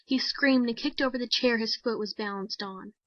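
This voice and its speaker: A woman narrating a short story in a measured, even storytelling manner. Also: a little high, no room sound. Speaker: story reader. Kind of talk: scripted narration. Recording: dry, dull lo-fi sound.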